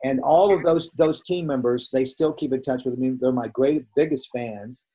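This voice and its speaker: A man's voice: mid-range voice, moderate pace, slightly rough. A man in his sixties, a veteran hairdresser, telling stories from his career in a casual conversation and acting out the dialogue. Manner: animated, acts out quoted dialogue.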